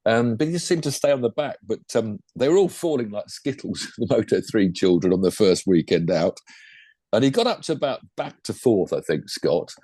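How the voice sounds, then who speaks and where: Lively, husky older man. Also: on the low side, moderate pace, no echo. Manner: chatty, rambling, full of asides. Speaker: podcast co-host and former racing driver. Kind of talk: casual motorsport chat.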